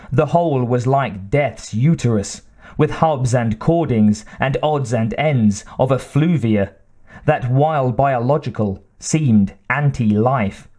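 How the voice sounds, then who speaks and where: A man narrating an audiobook in a measured reading style. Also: medium pitch, a little mellow. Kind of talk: scripted narration.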